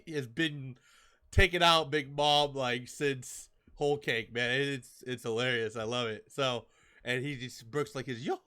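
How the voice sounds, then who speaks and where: A man hosting a casual podcast, excitedly recapping a comic chapter and acting out the characters' lines in quick bits, with frequent laughs. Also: mid-range voice. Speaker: podcast host reviewing a manga chapter.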